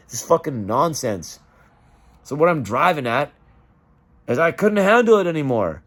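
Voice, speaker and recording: A man's voice: on the high side, very animated, normal speed, long pauses, a bit bright. A man delivering an emotional, profane rant straight to camera and acting out the voices of the people he quotes. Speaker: vlogger.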